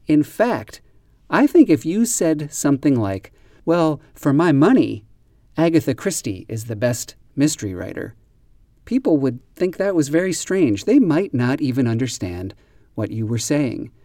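A man hosting an English-learning podcast, explaining a phrase slowly and carefully, spelling out words and stressing them deliberately. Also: a little high, sing-song, warm tone, no echo, clean studio sound. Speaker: podcast host and English teacher. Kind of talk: slow, careful teaching explanation.

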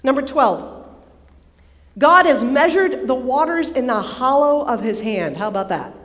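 A woman preaching a sermon to a live audience, animated and playful, often asking the listeners questions. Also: high-pitched, a little slow. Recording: long hall reverb from a live service.

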